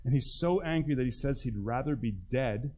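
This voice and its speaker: This pastor's voice is medium in pitch and somewhat dark, moving at a moderate pace with animated delivery. Preaching in church, he keeps it conversational yet emphatic, quizzing the congregation directly and performing the quotes he cites.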